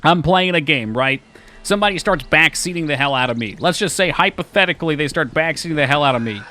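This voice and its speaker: A man streaming a game live, chatting casually and excitably, joking and swearing often. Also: fairly high pitch, fast talker, slight background noise.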